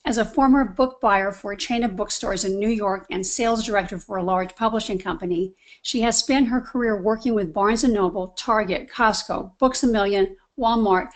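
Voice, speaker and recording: A woman hosting a webinar on a video call, introducing her guest with effusive enthusiasm. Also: medium pitch. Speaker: webinar host.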